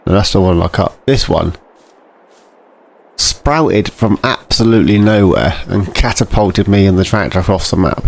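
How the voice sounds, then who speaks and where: A man giving casual, rambling commentary over a farming game, often clearing his throat. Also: sits low, moderate pace. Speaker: gameplay commentator.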